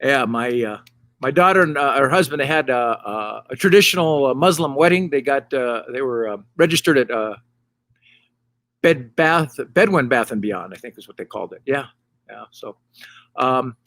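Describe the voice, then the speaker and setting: A middle-aged man doing a loose, rambling stand-up monologue to camera from a hot tub, with deadpan punchlines. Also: medium pitch, no echo. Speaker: stand-up comedian, host. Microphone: camera mic.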